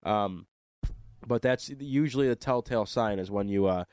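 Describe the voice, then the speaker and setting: A man's voice: on the low side, normal speed, a little mellow, clear, resonant tone, no room sound, clean studio sound. A man co-hosting a casual chat show, telling rambling, joking stories. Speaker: podcast co-host.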